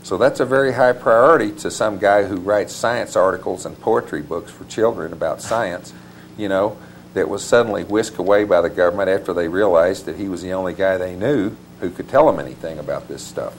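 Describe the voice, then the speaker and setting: A man's voice: sits low, brisk, slight background noise. A man answering interview questions as an author guest, meandering with many fillers and restarts. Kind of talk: rambling conversational interview answers.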